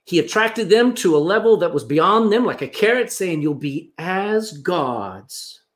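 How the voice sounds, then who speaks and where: A man preaching a sermon, swinging between loud emphasis and hushed asides. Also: high-pitched, animated, a little slow. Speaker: pastor.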